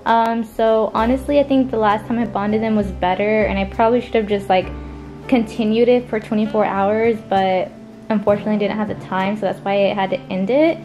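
A woman's voice: mid-range voice, fairly even intonation, a little fast, darkish tone, soft background music. A tired young woman, chatting through casual vlog updates about her pets and stretching her fillers. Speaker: vlogger.

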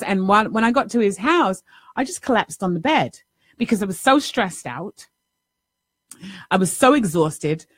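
A middle-aged woman life coach telling a personal story in a lively, repetitive way, often tossing in a rhetorical "right?". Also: lowish voice, no room sound, studio quality. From New York City. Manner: animated, repeats herself, rhetorical "right?" asides.

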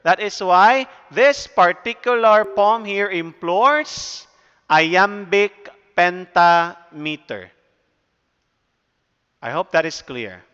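A male teacher with a Filipino accent giving a recorded lecture, explaining slowly and often checking that students follow. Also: sits high, animated, sharp tone, clear, resonant tone, long reverb tail, lo-fi sound.

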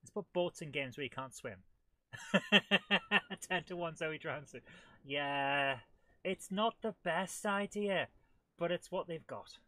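A woman with a head cold, hosting a live let's-play and chatting excitably to the game, often laughing. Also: sits low, unhurried, no echo. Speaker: host of a retro gaming channel.

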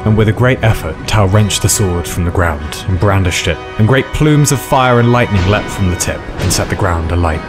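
A man reading a scripted story in a measured storytelling manner. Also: low voice. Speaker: narrator. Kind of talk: scripted narration. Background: faint music.

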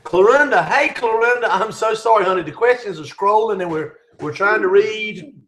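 A man's voice: high voice, animated, moderate pace, fairly bright tone. A middle-aged man hosting a casual live chat, reading out viewer questions and answering them. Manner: reads viewer questions aloud, chatty.

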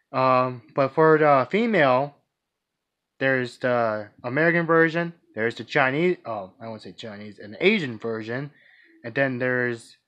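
A man's voice: medium pitch, fairly bright tone. A man vlogging casually, answering viewer questions in a rambling, hesitant way with many restarts and fillers. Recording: dull lo-fi recording.

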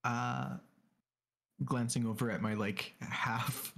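A man's voice: mid-range voice, fairly even intonation, slow pace, gravelly, fairly bright tone. A man playing a tabletop game, musing hesitantly and goofily. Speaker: player. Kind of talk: tabletop role-play.

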